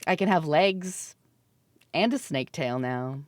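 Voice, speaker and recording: A woman's voice: low voice, lively intonation, slow pace. A woman in her thirties, chatting playfully on a live stream, laughing often and swearing freely. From Canada. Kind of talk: casual live-stream chat.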